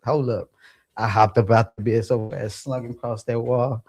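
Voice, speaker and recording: A man's voice: medium pitch, steady tone, normal speed, darkish tone. A man telling a story in a casual chat, laughing often and acting out dialogue in loose slang. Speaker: guest sharing experiences.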